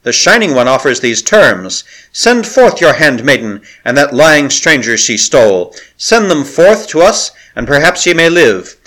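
A man's voice: fairly high pitch, lively intonation, normal speed, hardly any pauses, pitched above the performer's own voice, lightly acted. A man reading aloud and voicing a haughty, cruel priestess woman who jeers and commands. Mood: commanding. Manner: jeering, commanding.

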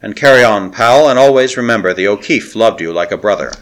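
A reckless young adventurer from an old adventure novel, as a male narrator voices him. He talks. The delivery is lively and full of swings. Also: on the low side, brisk, poor audio. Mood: strained. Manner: rasping, brash.

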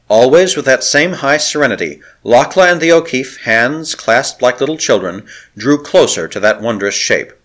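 A man narrating an old adventure novel aloud in an expressive, theatrical manner. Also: mid-range voice. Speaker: audiobook narrator. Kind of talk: dramatic audiobook narration.

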